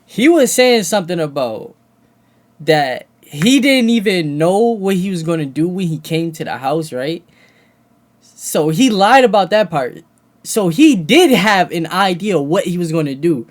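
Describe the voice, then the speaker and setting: Slangy streamer man with lively pitch. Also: a little slow. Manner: slangy, says "bro" often, thinks aloud with laughs. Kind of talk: casual live reaction commentary.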